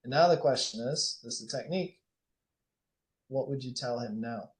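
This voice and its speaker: Hushed, guiding male workshop coach. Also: medium pitch. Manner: drops to a soft, slow, hushed voice when guiding reflection; blunt, swears freely. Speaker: workshop leader and life coach. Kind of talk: guided group coaching session.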